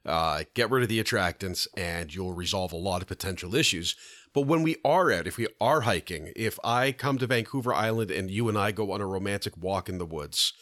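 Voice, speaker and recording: A man's voice: sits low, a little fast, fairly bright tone, dry recording, studio quality. A man from Toronto hosting a casual interview and asking chatty, playful questions. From Toronto, Canada. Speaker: host.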